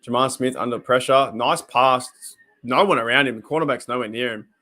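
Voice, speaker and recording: A mid-range, brisk male voice with an Australian accent, hosting a laid-back live-stream reaction to a football game. He drifts into rambling, then snaps into excitable play-by-play.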